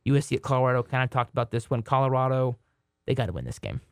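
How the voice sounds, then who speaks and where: A young man co-hosting a casual sports podcast, joking and rambling with quick restarts. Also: medium pitch, big pitch swings, no room sound, studio quality. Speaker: podcast co-host.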